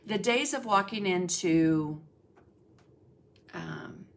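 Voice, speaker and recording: A woman's voice: on the low side, animated, very slow, creaky. A middle-aged woman hosting a casual art livestream, chatting and greeting viewers by name with lots of fillers. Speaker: livestream host, art instructor.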